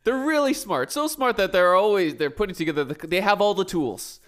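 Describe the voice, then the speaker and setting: A man's voice: high voice, lively intonation, fairly quick, fairly bright tone. A man co-hosting a podcast in casual chat, playful, who acts out quoted voices. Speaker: podcast co-host.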